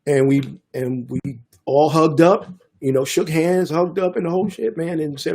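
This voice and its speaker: An older DJ recounts a story in a casual podcast chat. His voice is gravelly and husky and sits a little high. He talks animatedly and slips into the voices of the people in his story. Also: moderate pace, few pauses. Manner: animated, repeats "man", acts out voices of others. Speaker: guest DJ and producer.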